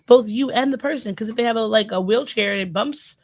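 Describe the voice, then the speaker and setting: A woman's voice: fairly high pitch, fast, no room sound. A woman co-hosting a podcast in casual chat, asking curious questions and laughing easily. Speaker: podcast co-host.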